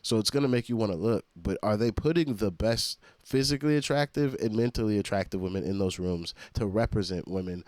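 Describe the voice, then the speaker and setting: A man's voice: lowish voice, fairly quick, hardly any pauses, darkish tone, dry recording. A man hosting a reaction video, commenting in a blunt, profane, exasperated way.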